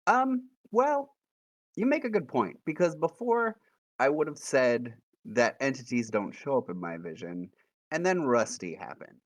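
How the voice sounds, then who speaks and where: A man playing a tabletop role-playing game, animated and jokey, often laughing. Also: medium pitch, measured pace, no room sound. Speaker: player. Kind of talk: casual tabletop play.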